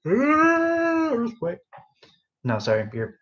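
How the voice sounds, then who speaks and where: A man's voice: medium pitch, moderate pace, lo-fi sound. A young man telling a work story in a loose, rambling way, full of fillers and side remarks, sleep deprived, recorded on a phone sitting on a bedside table. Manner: rambling, lots of fillers and asides. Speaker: podcast host. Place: bedroom, phone on end table.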